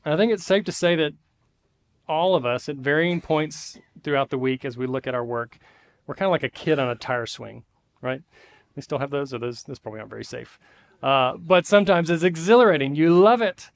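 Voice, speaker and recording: A man's voice: a little high, fairly quick. A male pastor, preaching a conversational sermon with frequent fillers in a church. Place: church sanctuary.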